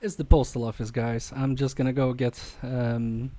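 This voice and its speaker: A man's voice: medium pitch, flat delivery, moderate pace, dark tone, no echo. A man streaming an electronics repair live, muttering to himself and joking with viewers about his own mistakes. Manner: muttering to himself and chatting to viewers, self-deprecating.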